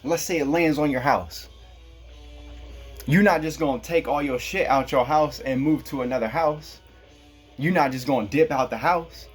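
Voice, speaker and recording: Husky-voiced man ranting casually. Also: a little high, moderate pace, soft background music. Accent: Black American English. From Kansas, USA. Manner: rambling, profane, laughs at his own jokes. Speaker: vlogger. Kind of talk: casual monologue.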